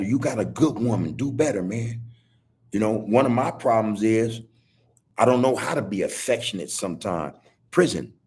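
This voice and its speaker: Husky-voiced man talking loose and heartfelt. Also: medium pitch. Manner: loose, repetitive street talk, says "man" constantly. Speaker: podcast host. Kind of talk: casual heartfelt talk on a video call. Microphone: video call.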